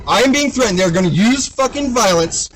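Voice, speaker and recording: High-pitched man arguing in a car. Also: animated, a little fast, fairly bright tone, a little hiss or hum, low-quality recording. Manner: argumentative, repetitive, profane. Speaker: driver at a traffic stop. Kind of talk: arguing with police. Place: inside a car at a roadside stop.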